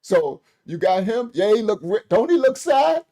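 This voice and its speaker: A middle-aged man doing casual commentary for online viewers, animated and preachy, laughing often, talking straight to his commenters. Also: sits high, normal speed.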